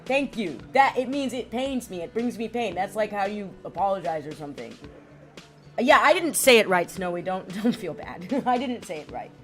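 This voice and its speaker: Brief: woman game streamer, mid pitch, rambling casual chat, swears freely, faint music behind. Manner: chatty, profane, laughing, rambling. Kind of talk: casual live-stream chat while gaming.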